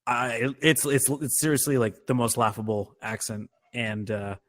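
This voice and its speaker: A man's voice: mid-range voice, normal speed, fairly bright tone. A man co-hosting a podcast in casual movie chat, loose and profane. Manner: loose, profane, laughs easily. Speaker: podcast co-host.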